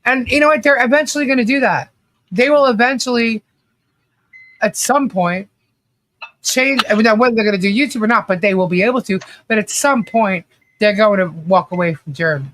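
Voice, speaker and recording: Blunt high-voiced man ranting on a livestream. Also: fairly quick, a bit bright. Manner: blunt, ranting, swears freely; reads out viewer chat comments. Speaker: livestream commentary host. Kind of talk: casual livestream commentary.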